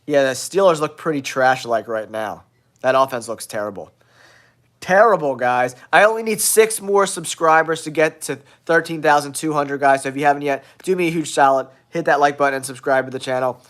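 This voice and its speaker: Nasal male sports host with a cold, slightly high voice, blunt excitable takes. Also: a little fast. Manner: blunt, excitable hot takes addressing viewers. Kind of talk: casual football talk show.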